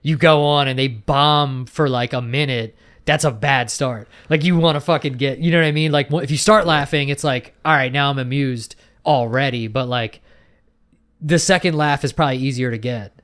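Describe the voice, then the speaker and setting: Podcast co-host, male, mid-pitched, rambling, filler-heavy, swears casually. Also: moderate pace, fairly bright tone, clear, resonant tone. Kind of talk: casual chat.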